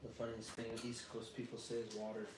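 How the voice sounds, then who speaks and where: A young man joining a family livestream, chiming in with quick, offhand, matter-of-fact remarks. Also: medium pitch, completely flat delivery, background noise. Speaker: family member joining the stream.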